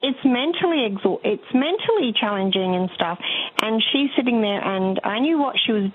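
A woman's voice: on the high side, lively intonation, normal speed, slight background noise. A woman in her seventies calling in to a talk show, telling a story with laughs. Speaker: caller. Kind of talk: phone-in chat. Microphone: telephone. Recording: tinny phone line.

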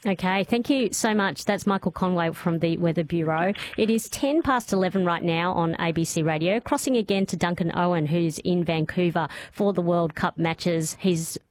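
A woman hosting a live radio show, brisk and friendly as she moves between callers. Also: fairly low pitch, slight background noise. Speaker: radio host.

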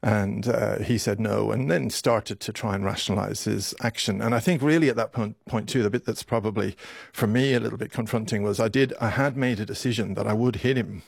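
Halting, gravelly man. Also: on the low side, no echo, studio quality. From Ireland. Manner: halting, repeats words, restarts often. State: emotional, voice catching. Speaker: doctor, interview guest. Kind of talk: emotional radio interview.

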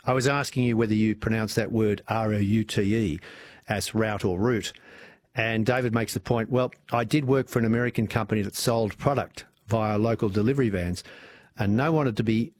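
A man with an Australian accent hosting an evening talk radio show, chatting warmly with listeners and swooping up and down as he talks. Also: lowish voice, fairly quick. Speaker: radio host. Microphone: studio microphone.

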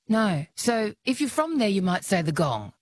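A woman's voice: medium pitch, big pitch swings, normal speed, no echo. A woman hosting a radio quiz, teasing and laughing easily with a caller. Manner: playful, teasing, laughs often. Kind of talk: casual radio chat.

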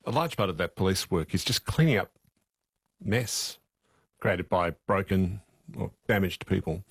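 A male interviewer asking probing questions in a measured way. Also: low-pitched, vocal fry, slightly rough, no room sound.

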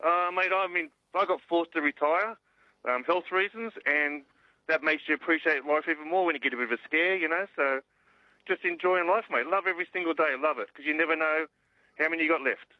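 An older Australian man rings in from a payphone, talking quickly and cheerfully with a slightly high voice. He calls everyone mate. The line is dull and lo-fi, and the sound is close and dry. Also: dry recording. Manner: easygoing, says mate constantly. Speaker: caller. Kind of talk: casual phone-in chat. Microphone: public payphone. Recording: muffled lo-fi phone line.

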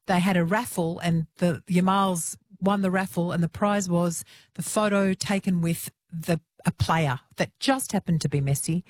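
A woman with a lowish voice hosts a casual chat. She tells stories in clear, fluent sentences. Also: normal speed, no echo, clean studio sound. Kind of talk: casual radio-style chat.

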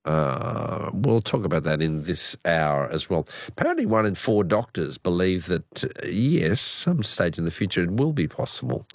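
A man with an Australian accent hosting late-night radio, hoarse from a cold, chatty and correcting himself as he goes. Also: low voice, moderate pace, few pauses, no echo, studio quality. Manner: chatty, self-correcting, relaxed. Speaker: radio host. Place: radio studio. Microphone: studio microphone.

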